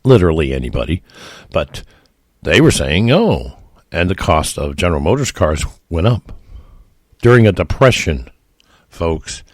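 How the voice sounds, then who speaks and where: A man's voice: deep voice, expressive, moderate pace, pauses often, no echo, studio quality. A man giving an opinionated solo commentary, folksy and emphatic, often calling his listeners folks.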